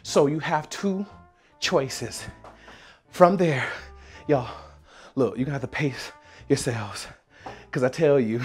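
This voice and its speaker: A husky, mid-pitched dance instructor from South Carolina, calling out counts and scatting the rhythm with lively energy. Faint music plays underneath. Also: measured pace, pauses often. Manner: energetic, counts beats aloud and scats rhythms, laughs often.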